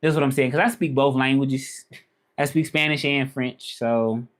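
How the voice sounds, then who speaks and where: Man, casual live-stream chat, relaxed, rambling, repeats himself. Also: medium pitch, moderate pace. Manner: relaxed, rambling, repeats phrases and asks "you know what I'm saying".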